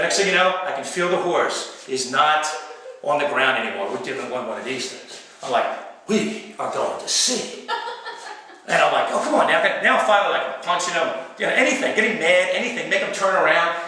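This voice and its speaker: Animated stand-up storyteller, bright echoey room. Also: male voice, on the high side, far from the mic. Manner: animated, acts out voices and shouts in the story. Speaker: stand-up comedian.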